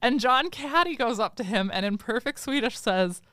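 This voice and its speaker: Woman podcast co-host, casual recap. Smooth, clear tone, dry close-mic sound. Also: on the high side, moderate pace, no room sound. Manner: animated storytelling, acting out characters' lines. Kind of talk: casual chat, movie recap.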